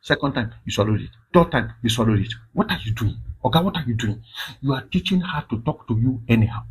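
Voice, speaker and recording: A man hosts a marriage advice talk in a husky, slightly breathy voice. He talks in a lively, preachy way and scatters pidgin asides through his points. His pitch sits in a middling range. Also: fast talker, low-quality recording. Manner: animated, preachy, with pidgin interjections. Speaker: relationship advice host. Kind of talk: casual advice monologue.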